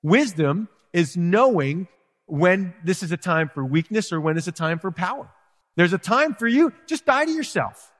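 A man preaching a sermon as pastor, animated, acting out quotes and asides to his congregation. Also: sits high, normal speed, long reverb tail.

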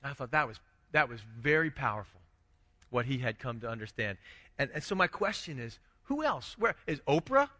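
A man's voice: medium pitch, big pitch swings, moderate pace, pushed and bright, long reverb tail. A man preaching a conversational sermon as a pastor, asking rhetorical questions and restarting his phrases.

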